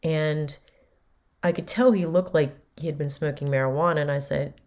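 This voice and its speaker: A woman's voice: deep voice, fairly even intonation, normal speed, a little mellow. A woman host candidly recounting a personal story in a conversational way. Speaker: podcast host.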